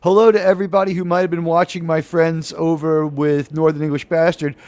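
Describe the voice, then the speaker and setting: A man's voice: fairly high pitch, little pitch movement, brisk, a little mellow, dry recording, studio quality. A man hosting a live comedy talk show, chatting casually and rambling with jokes. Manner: rambling, jokey, with restarts.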